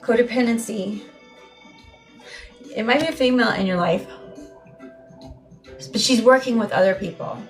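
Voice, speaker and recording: A woman's voice: on the high side, normal speed, long pauses, soft background music. A woman giving a live tarot reading in a meandering, heartfelt way, often repeating and restarting her words. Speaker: tarot reader.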